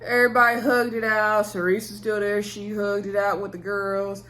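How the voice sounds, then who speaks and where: A young adult woman recaps a reality show in a casual, gossipy way, laughing and acting out what people said. Her voice is medium-pitched and a bit bright, with a flat delivery at normal speed.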